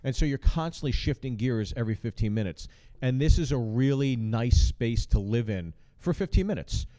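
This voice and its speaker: A man's voice: mid-range voice, lively intonation, normal speed, dark tone. A man hosting a casual chat about stand-up comedy, explaining his points at length in an earnest, analytical way. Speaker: host. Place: comedy club.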